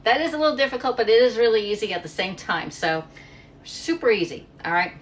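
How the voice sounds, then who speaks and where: Fairly high-pitched and sing-song, she talks a little fast against slight background noise. The speaker is a middle-aged cooking livestreamer from Pennsylvania who chats and rambles in her home kitchen, reading aloud what viewers comment.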